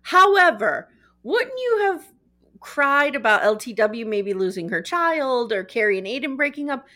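A woman's voice: fairly high pitch, very animated, a little slow, pushed and bright. A woman hosting a TV recap podcast, chatting casually and sarcastically with plenty of "like" fillers. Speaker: podcast host.

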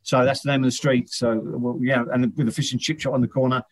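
A man's voice: medium pitch, flat delivery, fast talker. A man, a former footballer, chatting as an interview guest, often restarting and repeating words as he tells stories. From England, Northern Irish parents. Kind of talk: casual interview chat.

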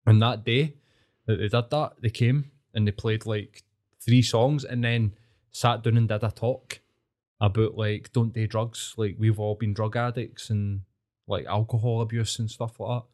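A man in his thirties with a Glasgow accent, co-hosting a podcast in casual chat, animated and swearing constantly. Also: on the low side, a little slow. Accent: Scottish, Glasgow. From Scotland. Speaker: podcast co-host.

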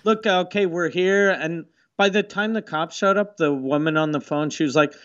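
A man's voice: a little high, normal speed, fairly bright tone, highs cut off, a little hiss or hum. A man co-hosting a podcast, chatting casually and swearing freely as he tells stories. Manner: profane, storytelling with quoted asides. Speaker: podcast co-host. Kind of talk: casual chat.

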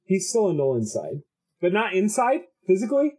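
A woman's voice: medium pitch, big pitch swings, fairly quick, a little mellow, husky. A woman player in a tabletop game, rambling and joking as she describes her character.

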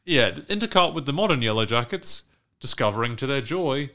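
A man hosting a podcast, recapping a TV episode in casual, profane chat and acting out the characters' lines with animated swings. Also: lowish voice, a little fast. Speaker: podcast host recapping a TV show.

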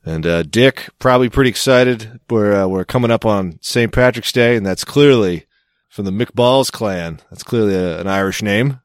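A man with a lowish voice co-hosts a comedy podcast, rambling loosely and cursing as he riffs. He sounds close to the mic in a dry, dead room. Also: normal speed, dry recording. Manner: loose, rambling, swears freely. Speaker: podcast co-host. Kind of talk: casual comedic banter.

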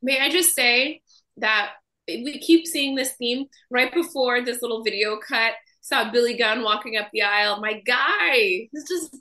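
A woman co-hosting a podcast, chatty and apologetic, quick to laugh. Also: a little high, pushed and bright. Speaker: podcast co-host. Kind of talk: casual chat.

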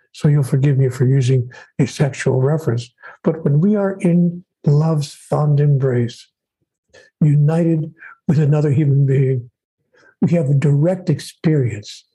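Husky warm guy on a spiritual interview, slow emphatic lists, kinda raspy. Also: mid-range voice, low-quality recording. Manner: measured, emphatic, repeats phrases in lists. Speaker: spiritual teacher guest.

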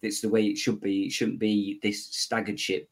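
Man, co-host, blunt football rant, husky, low voice. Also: flat delivery, moderate pace. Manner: blunt, swears, ranting. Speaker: podcast co-host. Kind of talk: casual football chat.

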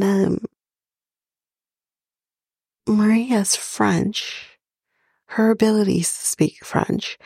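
A woman's voice: mid-range voice, creaky, warm tone, husky, no echo, clean studio sound. A woman from Canada hosting a podcast, chatting casually through a TV episode recap with fillers, asides and swearing.

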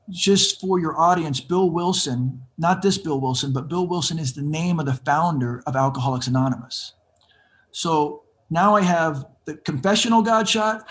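A man in his fifties telling his own life story in an interview, animated and acting out the voices of people he quotes. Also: a little high. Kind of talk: conversational storytelling.

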